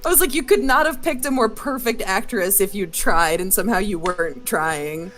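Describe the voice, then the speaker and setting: A woman's voice: medium pitch, normal speed, fairly bright tone, soft background music. Chatty woman guest on a stream. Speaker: stream guest, cast or crew member. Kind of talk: casual chat on a stream.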